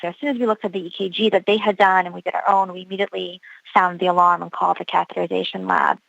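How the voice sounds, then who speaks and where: A woman's voice: fairly low pitch, flat delivery, rapid-fire, creaky, a bit bright, no echo, dull audio. A woman emergency physician telling an earnest story of her early training, reenacting the dialogue as she goes. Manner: earnest, reliving events with quoted dialogue. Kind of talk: storytelling interview.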